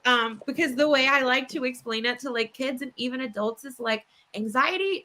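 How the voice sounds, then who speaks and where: Bright young therapist woman, kinda high voice, gets animated acting out kids. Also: normal speed, hardly any pauses. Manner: animated, acts out kids' voices with laughs. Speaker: child therapist, guest. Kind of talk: casual interview talk.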